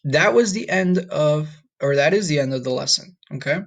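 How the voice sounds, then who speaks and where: A man with a fairly high, animated voice and some vocal fry teaches a recorded online Spanish lesson. His style is casual, and he keeps checking in with "okay?" and "all right?" while modeling Spanish words slowly and drawn out.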